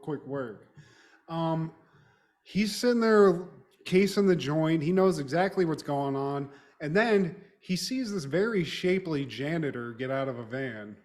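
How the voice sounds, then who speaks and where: Brief: high-pitched man, podcast co-host, loose and profane recap, laughs often. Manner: animated, laughing storyteller, swears a lot. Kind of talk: casual profane chat.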